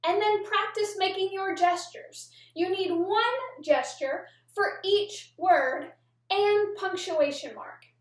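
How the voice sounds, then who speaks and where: A young woman teaching a children's movement lesson, speaking slowly and deliberately, word by word. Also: very high voice. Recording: echoey room, mic far off.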